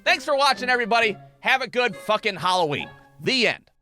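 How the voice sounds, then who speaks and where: A man's voice: extremely high pitch, big pitch swings, fairly quick, music in the background. A man telling a comedic story in a sarcastic, exasperated, profane manner.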